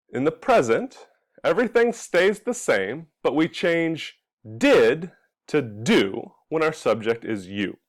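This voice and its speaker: Slow, animated man teaching pronunciation. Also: mid-range voice. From California. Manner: drawn-out, exaggerated sounds when modeling examples. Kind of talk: slow, clear teaching with spoken examples.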